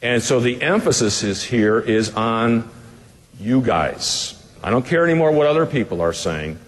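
A man's voice: medium pitch, lively intonation, measured pace, in a large hall. A man as pastor teaching a Bible passage in a conversational sermon, putting rhetorical questions to the listeners in a casual way with fillers.

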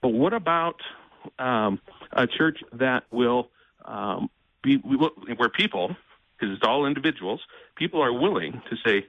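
A man speaking as a guest in an interview, earnest and measured, often pausing with fillers and restarting. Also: medium pitch, animated, no echo, narrow, tinny audio. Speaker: ministry president, guest. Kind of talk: conversational interview.

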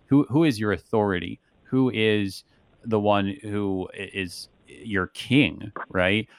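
Male pastor-host, low voice, dry studio, chatty explanatory delivery with "right?" tags. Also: takes it slowly, no room sound. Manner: conversational, frequent "right?" tags. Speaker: radio show host, pastor. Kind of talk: casual theological discussion.

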